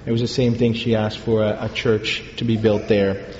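A man, a priest, telling a story in a sermon, in an unhurried, halting way with pauses and fillers. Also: lowish voice, level tone, a little mellow, a little hiss or hum. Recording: echoey hall, dull lo-fi sound.

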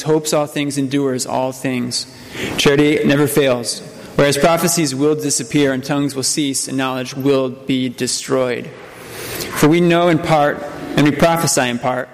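A man as a priest reading the epistle and gospel, then preaching, in a measured, solemn manner with small slips. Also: medium pitch. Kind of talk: scripture reading and sermon. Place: church. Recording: long church reverb, faint room noise.

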